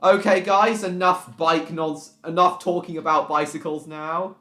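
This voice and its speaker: A man hosting a casual live stream, reading out viewer comments and answering them in a halting way, with lots of ums and repeated phrases. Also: a little high, steady tone, pushed and bright. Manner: repetitive, halting, restarts phrases, many ums. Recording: roomy echo.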